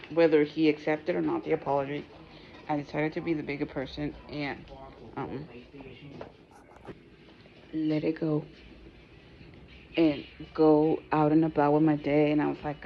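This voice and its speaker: Gravelly low-voiced woman telling a story. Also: highs cut off. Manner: rambling with frequent fillers and restarts. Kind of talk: casual storytime vlog.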